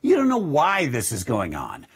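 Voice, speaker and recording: A middle-aged man teaching a Bible lesson verse by verse, with a slightly husky voice. His pitch rises and falls lively as he stresses words while reading scripture and explaining it. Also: moderate pace. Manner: reads scripture aloud then explains it, animated emphasis.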